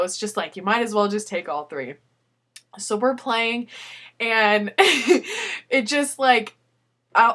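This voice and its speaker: In a personal video letter, a young woman chats casually and tells a story, breaking into frequent laughter. Her voice sits in the mid-range with a slightly bright tone.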